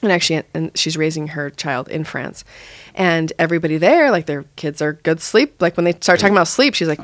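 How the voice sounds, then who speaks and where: A young woman and mother chatting casually about parenting, acting out her own lines in a higher voice. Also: moderate pace, no echo. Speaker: mother sharing parenting advice. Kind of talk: casual podcast chat.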